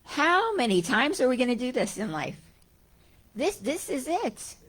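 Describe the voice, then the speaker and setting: A woman's voice: high voice, sing-song, unhurried, breathy edge. A woman giving a conversational spiritual talk to a congregation, often voicing everyday thoughts aloud and repeating key phrases. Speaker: guest speaker. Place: church sanctuary.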